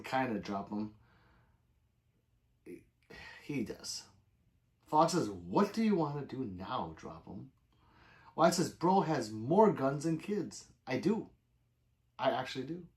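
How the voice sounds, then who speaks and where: Man, livestream host, casual chat, reads comments aloud, slow talker, lively pitch, playful animal noises. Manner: reads comments aloud, breaks into meows, woofs and growls; laid-back, swears casually. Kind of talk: casual live-stream chat.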